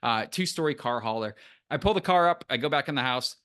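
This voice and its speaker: A man co-hosting a casual podcast chat, an animated storyteller who swears freely. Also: mid-range voice, fairly quick. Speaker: podcast co-host.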